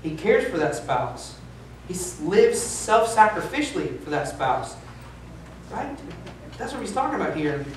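A man's voice: high voice, very animated, measured pace, a little hiss or hum. A man in his thirties preaching a sermon as pastor, candid and self-deprecating, with emphatic stretches. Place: church sanctuary. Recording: echoey church hall from a distance.

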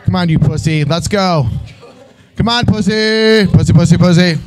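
A man's voice: sits high, normal speed. A man heckling and cheering on guests at a live bar show with crude remarks. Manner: heckling, profane, exclaiming.

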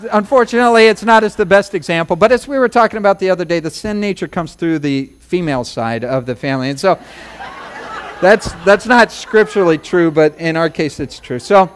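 High-voiced preacher man, folksy. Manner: folksy, humorous preaching with rhymes and acted-out quotes. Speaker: pastor. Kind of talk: sermon.

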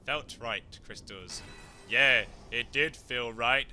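A young man chatting through a video game playthrough in a jokey, excitable way. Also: medium pitch, measured pace, soft background music. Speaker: let's play gamer. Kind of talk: casual game commentary.

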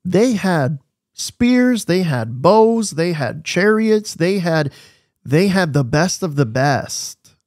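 A man's voice: high-pitched, very animated, slow pace, a little mellow, no room sound, studio quality. A man preaching a devotional sermon, asking the listeners questions and repeating his key phrases with emphasis.

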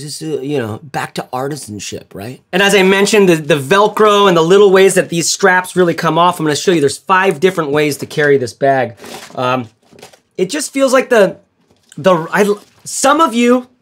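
A man with a slightly high voice talks through a bag review in a loose, rambling way. He jokes, swears now and then, and fills gaps with lots of "like" and "you know.". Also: a bit bright. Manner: rambling, joking and profane, lots of filler words. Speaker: gear reviewer and channel host. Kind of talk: casual product review vlog.

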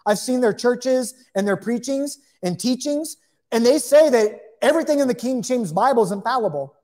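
A man's voice: very high voice, expressive, moderate pace, a little mellow. Man giving a chatty Bible lesson. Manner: conversational, with chatty asides and repeated phrases. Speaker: Bible teacher. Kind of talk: informal Bible teaching.

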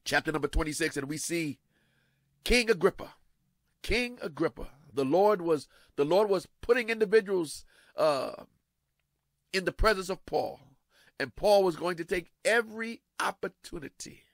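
A man pastor preaching a sermon dramatically, repeating his phrases and swinging from hushed to loud. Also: on the high side, animated, moderate pace, dry recording.

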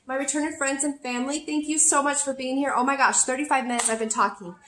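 Woman, forties, chatty haul vlogger, bright voice, fairly high, lots of fillers, echoey room. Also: fairly even intonation, fast talker, a little hiss or hum. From California. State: slightly out of breath. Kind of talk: casual chat to camera.

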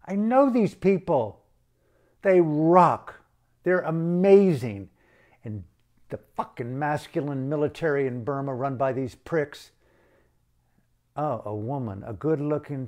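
A man's voice: medium pitch, darkish tone. A man delivering an impassioned, blunt and profane rant as an activist.

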